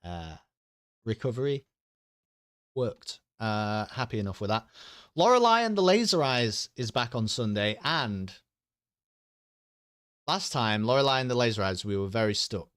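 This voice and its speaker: A man's voice: mid-range voice, sing-song, a little slow, pauses often, fairly bright tone, clear, resonant tone, no room sound, studio quality. Rambling, joking man streamer. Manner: rambling, joking, swears freely. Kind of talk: casual stream chat.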